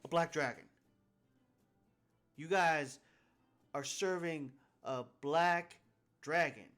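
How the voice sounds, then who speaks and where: A man's voice: on the high side, moderate pace, warm tone, soft background music, close to an everyday voice. A man doing an alarmed merchant. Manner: exclaiming in disbelief. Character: startled male merchant and ship runner.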